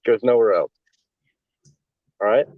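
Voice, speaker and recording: A man guest explaining a lending protocol in a brisk, matter-of-fact way. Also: on the low side, no room sound, narrow, tinny audio. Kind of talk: explanatory interview answer.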